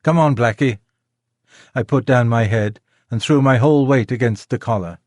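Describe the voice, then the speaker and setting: A man narrating a classic children's novel in a measured, gentle storytelling manner. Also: mid-range voice, no room sound, clean studio sound. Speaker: audiobook narrator. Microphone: close studio mic, dry.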